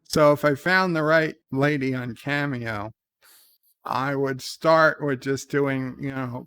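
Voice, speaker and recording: A man's voice: medium pitch, a bit bright. A man hosting a casual livestream, reading advice letters and chat in a rambling, hesitant, self-deprecating way. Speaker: streamer host.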